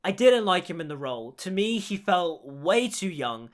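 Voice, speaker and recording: Young guy with a high voice doing a casual movie review, animated and rambly, says like a lot. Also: moderate pace. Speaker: film reviewer.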